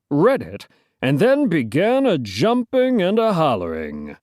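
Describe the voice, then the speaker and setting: A woman's voice: low voice, huge pitch swings, a little slow, a little mellow, no echo, studio quality. A woman reading a children's storybook aloud, playful, with joking asides to listeners.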